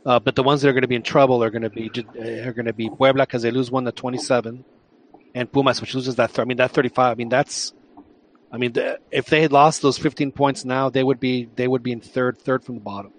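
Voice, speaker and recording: A man co-hosting a soccer podcast, talking through the numbers in a halting way, repeating words. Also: mid-range voice, little pitch movement, slight background noise. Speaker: podcast co-host. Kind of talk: casual sports chat.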